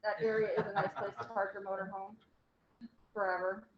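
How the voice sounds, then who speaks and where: A woman's voice: mid-range voice, level tone, brisk, crowd noise. A woman real estate agent sharing news at a club meeting, chatty and joking. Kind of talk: casual announcements. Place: meeting room. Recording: echoey room, dull.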